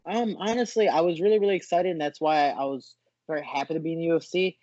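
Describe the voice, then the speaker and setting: A man, a fighter guest in a casual interview, telling animated stories with lots of restarts, over muffled video call audio. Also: on the high side, fast talker, no room sound. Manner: animated storyteller, frequent restarts.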